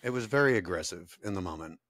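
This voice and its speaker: A man's voice: low voice, lively intonation, fast, fairly bright tone, no echo, clean studio sound. A man co-hosting a podcast in casual chat, easygoing and asking questions. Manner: easygoing, asks questions, laughs often. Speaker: podcast co-host.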